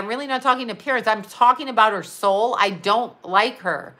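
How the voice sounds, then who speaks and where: A middle-aged woman ranting on a livestream, rambling, profane and animated as she talks straight to her viewers. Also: fairly high pitch. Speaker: psychic medium and astrologer. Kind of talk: livestream rant.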